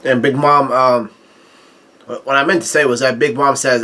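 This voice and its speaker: A man casually recapping a manga chapter, halting often with restarts and self-corrections. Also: medium pitch, fairly even intonation, sharp tone. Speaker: manga reaction host.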